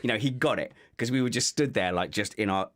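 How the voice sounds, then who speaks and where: A man's voice: on the low side, fast, a bit bright. Jokey man hosting a podcast. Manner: rambling, jokey storytelling. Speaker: podcast host. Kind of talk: casual chat.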